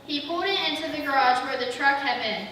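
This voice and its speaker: Reading a Christmas story in a church sanctuary, this woman talks fast in a high, pushed, bright voice. She fixes minor slips along the way, and the recording is distant and echoey with a faint hiss.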